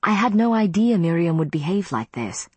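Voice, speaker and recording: A calm young vampire man speaks in soothing, reassuring tones, as a woman reader puts him on. Her voice stays fairly low and even, recorded dry and close. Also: normal speed, slightly rough, no echo.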